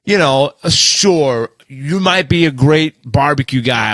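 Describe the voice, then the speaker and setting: A man's voice: fairly high pitch, lively intonation, slow, hardly any pauses, a bit bright, no echo. A man co-hosting a podcast in casual chat, jokey and often quoting others in playful voices. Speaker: podcast co-host.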